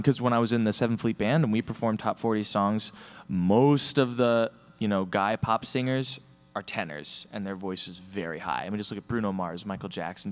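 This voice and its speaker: A man speaking as a singer on a convention panel, animated and jokey. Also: lowish voice. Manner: animated, jokey, demonstrating vocal tricks. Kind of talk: casual panel talk. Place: convention hall stage.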